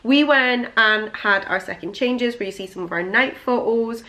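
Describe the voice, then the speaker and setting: A woman's voice: fairly high pitch, moderate pace, bright, forceful tone, a little hiss or hum. A young woman chatting casually to camera as a vlogger, telling a long story in a gushing, emotional way with plenty of fillers.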